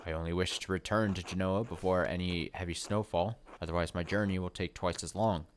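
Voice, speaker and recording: A man voicing a polite male Italian merchant in a game, reading his lines in a measured way. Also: low-pitched, fairly even intonation, a little hiss or hum, close to an everyday voice.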